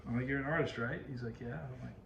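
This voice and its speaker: A man's voice: mid-range voice, fairly even intonation, fast, vocal fry, noisy background. Rambling man telling a story, echoey room. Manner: rambling, self-interrupting storyteller. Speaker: video host. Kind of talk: casual storytelling to camera.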